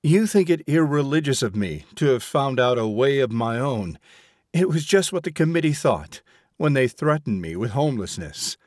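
A man's voice: medium pitch, very animated, moderate pace, a little mellow, no echo, clean studio sound, lightly acted. A man doing a grave, defiant young man. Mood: earnest. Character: earnest, defiant young man, quietly rebellious. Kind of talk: audiobook character voice.

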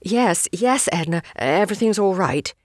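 A woman voicing a gentle but unbending young man who speaks soothingly and decisively. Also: mid-range voice, sing-song, moderate pace, no room sound, clean studio sound, close to an everyday voice.

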